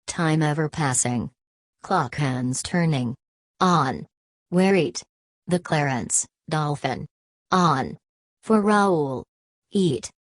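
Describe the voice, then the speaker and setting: A woman reading a literary audiobook in a measured, unhurried way. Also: low-pitched, dry recording. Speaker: audiobook narrator.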